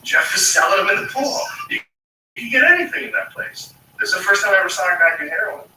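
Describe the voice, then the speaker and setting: A man's voice: sits high, lively intonation, fast talker, sharp tone, echoey room, distant mic, slight background noise, rough recording. A man telling rambling stories in casual, profane talk, with many fillers. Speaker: storyteller. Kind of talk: casual anecdotal storytelling.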